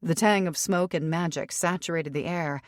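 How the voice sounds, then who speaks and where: A woman reads a fantasy audiobook in an even, steady way, her voice low and grounded. The recording is close and completely dry, with no room sound. Her delivery stays measured and clear throughout. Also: dry recording. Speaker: audiobook narrator. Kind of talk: scripted narration.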